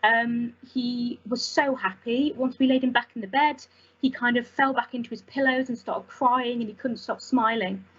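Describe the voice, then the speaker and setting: A young woman telling a personal story as a volunteer, earnest and halting with emotion. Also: on the high side, fairly bright tone, husky, dull audio. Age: young adult. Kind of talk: personal testimony.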